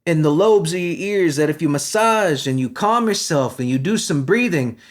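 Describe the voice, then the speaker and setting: A man hosting a comedy podcast, ranting in a profane, agitated way and swinging between shouting and muttering. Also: on the high side, expressive, normal speed. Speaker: podcast host.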